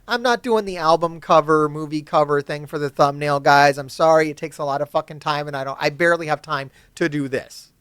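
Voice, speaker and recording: Guy ranting over a mobile game, swears a ton, high smooth voice, dry close mic. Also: fairly quick, hardly any pauses, no echo. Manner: profane, ranting, excitable. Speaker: gaming YouTuber. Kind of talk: casual gameplay commentary.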